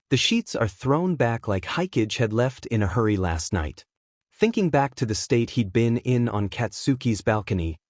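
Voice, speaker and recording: A man narrating fan fiction aloud in a steady, even storytelling delivery. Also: medium pitch, no room sound, studio quality.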